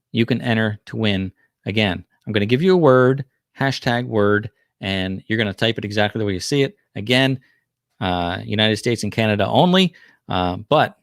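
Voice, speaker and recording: A man's voice: mid-range voice, dry recording, clean studio sound. A man in his fifties with a New Jersey accent, hosting a casual livestream and chatting in a rambling way with lots of fillers. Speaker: livestream host.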